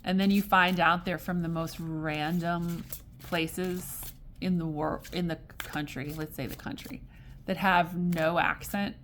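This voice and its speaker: A woman's voice: on the low side, steady tone, unhurried, a bit bright, a little hiss or hum. A woman giving a casual tarot reading to camera, chatty and digressive, exasperated yet amused. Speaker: tarot reader.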